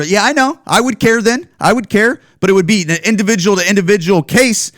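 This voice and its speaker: A man's voice: sits high, animated, brisk, hardly any pauses, fairly bright tone, no echo, clean studio sound. A man hosting a podcast from home, ranting solo in a loose, profane, run-on way. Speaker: podcast host. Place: at home, indoors.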